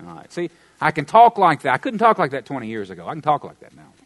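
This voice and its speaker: A middle-aged man with a Southern American accent preaching a sermon, emphatic, with wide swings in pitch and volume and some folksy humor. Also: sing-song, fast talker, fairly bright tone, no echo. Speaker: pastor.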